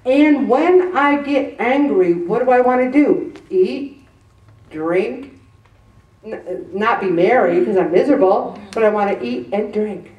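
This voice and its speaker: A woman giving an animated, joking, self-deprecating faith talk to a group. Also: a little high, a little slow. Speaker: speaker addressing a group. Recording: echoey room, mic at a distance.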